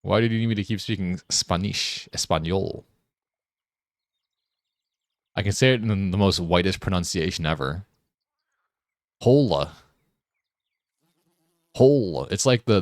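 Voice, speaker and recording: A man's voice: deep voice, no room sound, studio quality. A young man streaming a game, chatting casually and teasing a friend in joking banter, often restarting his sentences. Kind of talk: casual chat while gaming.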